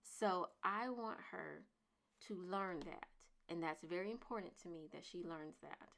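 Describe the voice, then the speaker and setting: A woman in her thirties, chatting casually to camera as a vlogger, talking in an emphatic way and repeating her points forcefully. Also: lowish voice, measured pace, gravelly.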